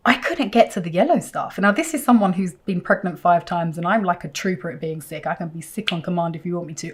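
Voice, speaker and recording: A woman vlogging, telling a personal story to camera with emphatic, animated delivery and sudden leaps in pitch. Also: quick pace, few pauses, breathy edge.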